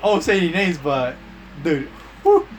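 This storyteller's slightly high voice swoops wildly in pitch as he moves at a moderate pace through rambling, foul-mouthed anecdotes for his friends. He leans on slang such as "bro" and "dude" and performs the quotes in different voices. The audio is poor, with slight background noise.

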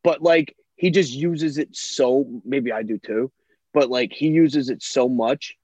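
A man's voice: mid-range voice, takes it slowly, darkish tone, no echo. A man in casual chat, ranting bluntly and swearing freely about his kids and his cooking. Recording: dull lo-fi, dry.

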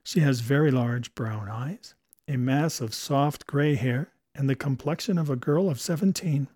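Man narrating a comic story, mellow and dry. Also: mid-range voice, a little slow, no room sound. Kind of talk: scripted audiobook narration.

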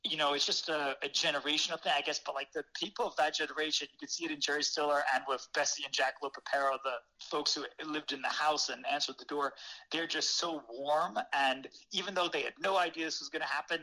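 A former reporter tells a long anecdote as an interview guest, animated and quick to laugh. His voice sits a bit high and sounds bright and forceful, with plenty of fillers. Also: poor audio. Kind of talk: casual storytelling.

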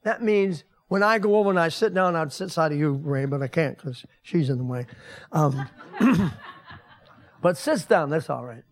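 An older male pastor with a high voice gives a folksy sermon in a church. He talks to the congregation like a conversation, then leans hard into emphasis on key phrases. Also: moderate pace. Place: church sanctuary.

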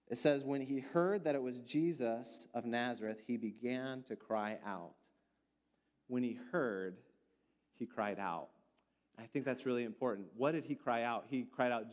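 A man preaching a sermon, reading scripture slowly and then explaining it earnestly, asking the congregation questions. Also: mid-range voice. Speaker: pastor. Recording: church hall with long reverb.

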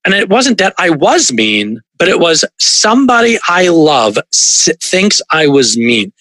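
A man's voice: fairly high pitch, big pitch swings, measured pace, bright, forceful tone, no room sound. A man talking as a coach guest on an interview, telling stories and making points with emphasis, often checking in with "right?". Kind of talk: animated conversational storytelling.

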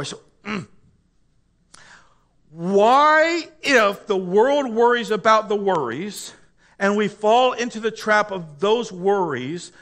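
A man preaching a sermon, emphatic, asking the congregation to answer back. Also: high-pitched. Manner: call-and-response with congregation, emphatic, rising to loud.

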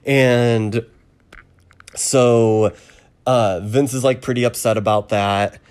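A man in casual chat, retelling a film's plot in a rambling way with many ums and quick acted quotes. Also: mid-range voice, steady tone, darkish tone, smooth. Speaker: podcast co-host recapping a film.

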